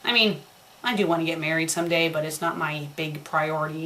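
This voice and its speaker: A woman's voice: deep voice, fairly even intonation, normal speed, sharp tone, slight background noise, rough recording. Woman sarcastically reading bad fanfiction. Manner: sarcastic, mocking asides. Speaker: fanfiction critic. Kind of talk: comedic dramatic reading with commentary.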